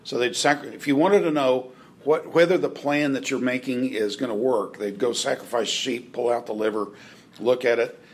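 A man teaching a Bible class in a halting way, with restarts and dry joking asides. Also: medium pitch, steady tone, husky.

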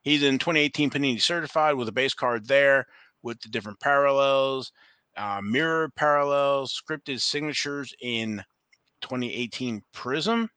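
A man chatting casually as a podcast co-host, his voice bright and smooth. He rambles and corrects himself mid-sentence. The sound is close and dry. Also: medium pitch, moderate pace, no echo. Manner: rambling, self-correcting, laughs easily. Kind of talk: casual chat about racing and trading cards.

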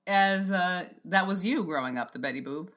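A woman's voice: fairly low pitch, moderate pace, a bit bright. A woman co-hosting a podcast in casual chat, telling stories in a wry way and laughing as she talks. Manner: wry, storytelling, laughs while talking. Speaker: podcast co-host.

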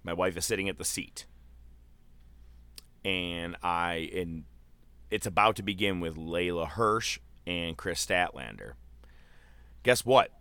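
A man telling a long story in casual podcast chat, loose and animated, with swearing and filler words. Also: deep voice, takes it slowly, long pauses, smooth, no room sound.

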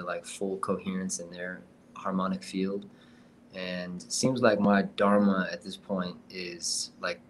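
A man speaking as a guest in a casual panel chat, calm and soft-spoken, with a spiritual bent. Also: sits low, a little hiss or hum, poor audio. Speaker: guest musician and yoga teacher.

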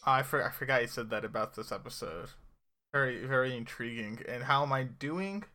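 A man's voice: mid-range voice, fairly quick, pushed and bright. A young man co-hosting a casual TV podcast, opinionated and dry, often trailing off at the ends of his sentences. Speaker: podcast co-host. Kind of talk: casual TV recap chat.

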